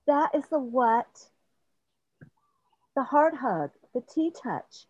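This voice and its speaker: An older woman in a group session shares her personal experiences in a casual, rambling, earnest manner, sometimes laughing at herself. Her voice is a little high, sing-song, unhurried and slightly mellow, captured in dull, dry lo-fi audio with no echo.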